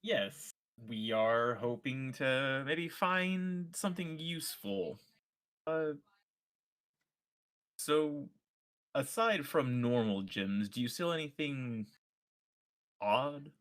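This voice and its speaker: A man's voice: medium pitch, expressive, a bit bright. A man playing a tabletop game who speaks for his character in a hesitant way. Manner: slow, hesitant, plays his character in first person. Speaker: player.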